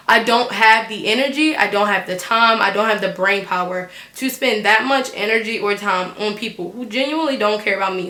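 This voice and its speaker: A teenage girl telling a storytime on her vlog, animated and blunt, swearing freely. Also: mid-range voice, echoey room. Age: teens. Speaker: vlogger.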